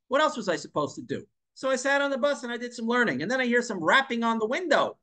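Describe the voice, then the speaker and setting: Guy with a pretty high voice just talking, telling a story, keeps repeating himself and tripping on words. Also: pushed and bright. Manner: emphatic, repeats words, stumbles on some words. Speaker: online commentator. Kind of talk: casual storytelling monologue.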